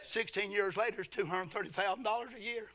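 A middle-aged man preaching a sermon, fervent, swinging from hushed storytelling to shouted praise. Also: high-pitched, steady tone, fast. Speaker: pastor.

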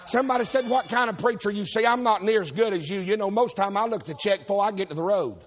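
A man preaching, folksy and shouting, calling on the congregation for amens. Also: high voice, fast talker. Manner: folksy, shouting, calls for amen. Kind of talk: fiery preaching with stories. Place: church service.

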